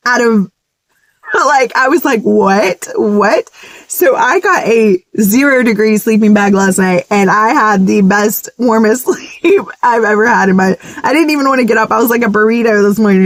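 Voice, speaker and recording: A woman's voice: mid-range voice, no room sound. A woman sharing a casual, earnest testimony in a vlog, chatty and emotional. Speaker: ministry vlogger.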